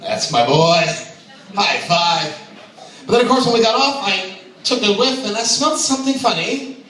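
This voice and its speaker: A brash male stand-up comic with a bright, high voice that swoops up and down as he jokes, chuckling at his own lines. He is picked up from far off in a very echoey club room. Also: lively intonation, moderate pace. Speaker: stand-up comedian. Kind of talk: open mic stand-up. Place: comedy club stage.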